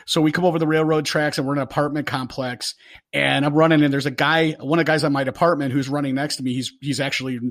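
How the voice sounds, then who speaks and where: A man in his forties telling a casual story about police dog work, acting out the quotes loudly. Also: a little high, fairly even intonation, quick pace. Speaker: podcast host, former police K9 handler.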